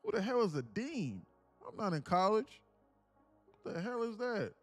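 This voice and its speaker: A man voicing a broke, fed-up male viewer of a trading stream, ranting indignantly and profanely in a raised pitch. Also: sing-song, normal speed, soft background music.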